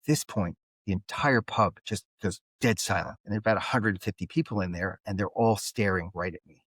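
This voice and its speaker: A man's voice: on the low side, a little fast, a bit bright, no room sound. An older man with a Philadelphia and South Jersey accent and a nasal voice, telling stories as a podcast guest. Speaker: guest, conflict mediator. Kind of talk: storytelling in a podcast interview.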